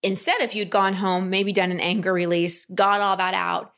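A woman's voice: medium pitch, fairly even intonation, moderate pace, fairly bright tone. Woman coaching, acting out inner voices. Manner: earnest, acts out quoted inner voices. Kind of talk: coaching session.

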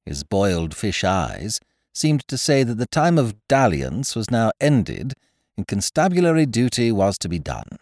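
A man narrating a story in an expressive, animated reading on a close microphone. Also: on the low side, a little slow, dry recording. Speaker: podcast narrator.

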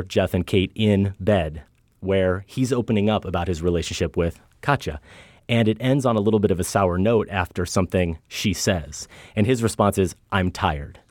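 Earnest, reflective low-voiced man. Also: darkish tone, no room sound, clean studio sound. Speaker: podcast co-host. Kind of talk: casual film discussion.

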